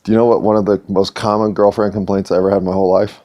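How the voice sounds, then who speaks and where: A man's voice: fairly low pitch, flat delivery, very fast, warm tone. An American man hosting a solo podcast, talking in a rambling, philosophical, self-deprecating way. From United States. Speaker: podcast host. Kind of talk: reflective solo monologue.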